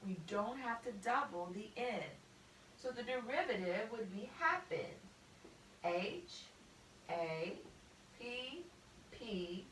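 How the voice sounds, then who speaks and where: A woman teaches a spelling lesson, spelling words out letter by letter. Her voice is highish and bright, and she speaks very slowly and carefully. She sounds set back from the mic in a roomy, echoing space. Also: slight background noise. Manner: slow, deliberate, spells out letters. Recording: echoey room, mic at a distance.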